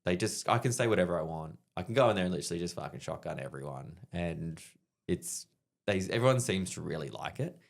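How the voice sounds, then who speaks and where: A man in his thirties with an Australian accent, telling profane, animated stories in casual chat as a guest comedian. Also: deep voice, fast talker, creaky.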